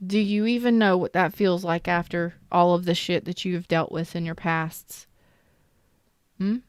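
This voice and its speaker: She reads tarot on a live stream, taking it slowly with long pauses in a smooth, steady, fairly low voice. Candid and emotionally intense, she swears freely and says hello to viewers in the chat, and the recording is dry.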